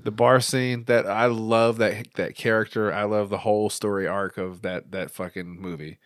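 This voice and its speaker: Low-voiced man in profane casual chat. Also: steady tone, moderate pace, dry recording, clean studio sound. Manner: profane, laughing banter.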